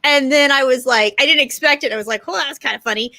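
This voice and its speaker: A woman co-hosting a comedy podcast, telling an animated story and acting out the voices she quotes. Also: high voice, quick pace, no echo.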